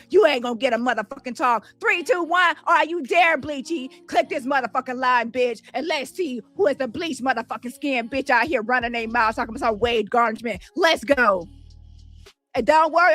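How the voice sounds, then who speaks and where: A livestream host rants combatively at someone she calls out, profane, taunting and mocking. Her voice sits high and a bit bright, recorded on a phone.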